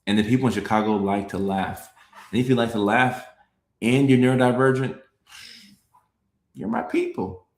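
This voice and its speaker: A man's voice: medium pitch, expressive, normal speed, long pauses, reverberant. A young man, a comedian, chatting casually on a live stream, reading comments and repeating his lines with a laid-back chuckle.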